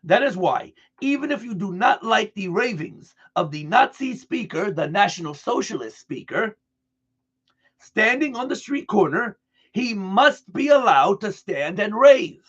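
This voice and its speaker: A man reading a broadcast transcript aloud in an earnest, deliberate way, restarting now and then over a word. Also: high-pitched, sing-song, fairly bright tone, husky, highs cut off. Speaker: reader.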